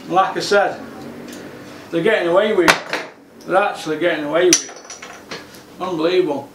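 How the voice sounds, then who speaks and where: Brief: man, high-pitched, fuming solo rant, recorded off-mic in an echoey gym. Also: normal speed, pauses often, recorded from a distance, background noise. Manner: exasperated, repetitive ranting. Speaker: boxing commentator. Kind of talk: ranting vlog monologue. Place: home gym.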